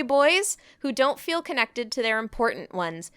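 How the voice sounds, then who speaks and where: Woman podcast co-host, higher, lively voice, giggly asides. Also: a little slow, hardly any pauses, clean tone, no room sound, studio quality. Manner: giggly, reads aloud and comments wryly as she goes. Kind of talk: casual chat and read-aloud synopsis.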